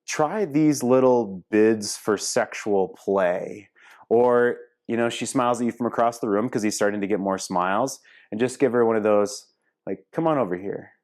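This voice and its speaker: A man's voice: fairly low pitch, moderate pace, a little mellow. A middle-aged man, a relationship coach, talking casually and candidly to viewers, swearing freely and laughing now and then. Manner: candid and profane, laughs easily. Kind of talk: casual talk to camera.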